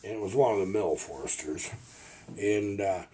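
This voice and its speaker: A man's voice: lowish voice, normal speed, warm tone, slightly rough. An older man, a logger turned video maker, telling rambling folksy stories in a casual vlog. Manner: rambling folksy storytelling with restarts. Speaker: retired logger vlogger.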